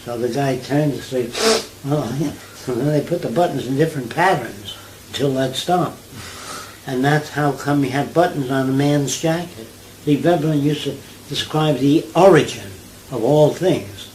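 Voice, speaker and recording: A man's voice: mid-range voice, normal speed, a little hiss or hum, poor audio. Older man. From New York. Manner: animated storyteller, asks listener if they follow. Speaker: interviewee. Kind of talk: conversational interview.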